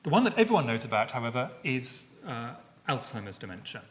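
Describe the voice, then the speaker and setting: A middle-aged man giving a public lecture, speaking in a measured way with frequent fillers and self-corrections. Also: mid-range voice, big pitch swings.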